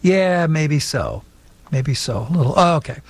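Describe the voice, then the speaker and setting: A man's voice: a little high, sing-song, moderate pace. A man hosting a call-in radio show, reading listener emails and signing off in a friendly, upbeat way. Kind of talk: broadcast hosting.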